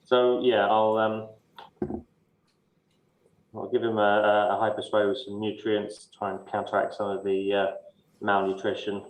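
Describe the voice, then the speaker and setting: A man playing a ship's doctor in a tabletop game, speaking in a halting way with many fillers. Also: on the low side, little pitch movement. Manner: halting, filler-heavy speech. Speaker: player. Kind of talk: in-character tabletop role-play. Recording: echoey room.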